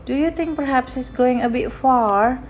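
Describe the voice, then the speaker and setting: A woman voicing a pair of timid, polite adult sisters in a storybook, speaking hesitantly and softly. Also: high-pitched, normal speed, a little hiss or hum, natural voice.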